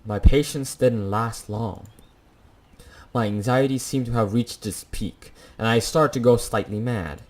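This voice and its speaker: A man's voice: medium pitch, unhurried. A young man playing a visual novel, reading its text aloud and cracking jokes in between. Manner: jokey asides between dramatic read lines. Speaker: let's play gamer.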